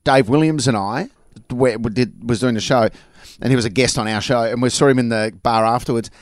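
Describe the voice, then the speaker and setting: A man's voice: medium pitch, brisk, dry recording. Dry, close-miked man chuckling. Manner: laid-back storyteller who chuckles often. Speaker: comedian. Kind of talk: casual chat, anecdote telling.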